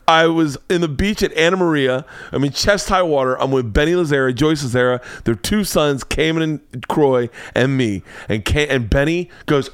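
A man with a slightly high, clear and resonant voice tells a story at a moderate pace with few pauses, captured in clean studio sound without echo. Hosting his podcast from a home studio man cave, he's loud and excitable, acting out quotes and swearing a lot.

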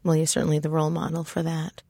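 A woman hosting an interview, asking probing, measured questions. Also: deep voice, monotone, dark tone, no echo. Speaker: interview host.

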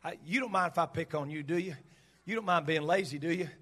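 A preacher voicing a sweet-talking false prophetess who soothes and coaxes in a hushed, stammering murmur. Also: male voice, fairly high pitch, quick pace, pitched below the performer's own voice. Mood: coaxing. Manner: hushed, soft, wheedling with stammered repeats. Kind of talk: preaching with acted illustration.

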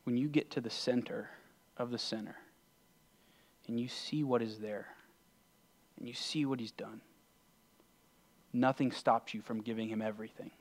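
Earnest man preaching, loud then hushed. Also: mid-range voice, steady tone, normal speed, pauses often. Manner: earnest, swings from loud urging to hushed near-whispers. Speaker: pastor. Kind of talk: sermon. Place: church sanctuary.

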